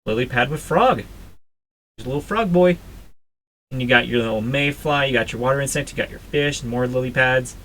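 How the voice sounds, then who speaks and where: A man's voice: mid-range voice, brisk, fairly bright tone, a little hiss or hum. A young man casually reviewing his own drawings, chatty and self-deprecating, with many fillers and restarts. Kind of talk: casual commentary.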